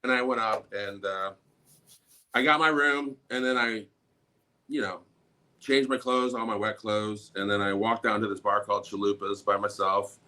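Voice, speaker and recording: A middle-aged man telling a story in a casual talk. He acts out the quotes in a raised, sometimes shouting voice. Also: fairly low pitch, steady tone, normal speed. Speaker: podcast co-host.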